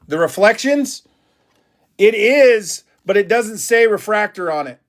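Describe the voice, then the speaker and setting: Man, card break host, excitable, hyped, slightly high voice, chatty stream talk. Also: a little slow.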